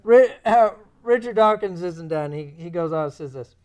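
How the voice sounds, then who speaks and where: A man giving a creation science lecture in a church, animated and sarcastic in his asides. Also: sits high, normal speed, lo-fi sound. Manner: animated, sarcastic asides, mocking quoted voices. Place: church sanctuary.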